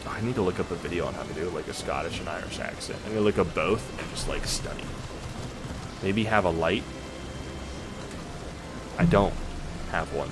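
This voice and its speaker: Man streamer, lowish voice, wry laid-back game chat, game music playing. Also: normal speed, pauses often. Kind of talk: casual gameplay commentary.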